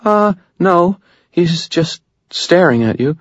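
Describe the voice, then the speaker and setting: A man's voice: high-pitched, lively intonation, slow, no room sound, lo-fi sound, voice pushed up. A man voicing a shaky young girl. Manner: breathless, unsteady delivery. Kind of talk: audiobook character voice.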